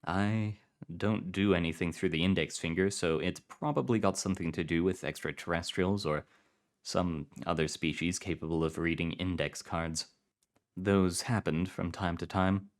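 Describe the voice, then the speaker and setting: A man reading fiction aloud in a calm, measured, low-key narration. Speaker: story reader.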